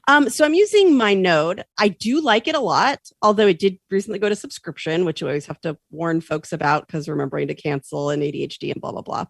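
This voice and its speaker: A woman guest, a productivity coach, chatting casually with quick, agreeable asides. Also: on the low side, lively intonation, gravelly, no room sound. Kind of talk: casual chat.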